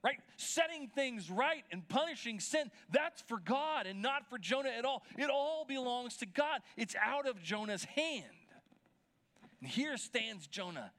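A man's voice: extremely high pitch, animated, measured pace, a bit bright. A man preaching a sermon as pastor, retelling scripture in a conversational way and checking in with his listeners.

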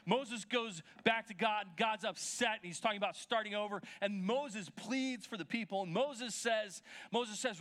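Male pastor, bright and high-pitched, conversational sermon delivery that keeps checking in with the congregation. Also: normal speed, few pauses. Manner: conversational retelling, checking in with listeners.

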